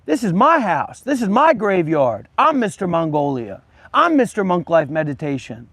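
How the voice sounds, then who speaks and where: A man's voice: high-pitched, big pitch swings, moderate pace, a bit bright, no echo. A man hosting a livestream, talking bluntly and combatively straight at his viewers. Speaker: livestream host and former monk. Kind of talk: unscripted livestream talk.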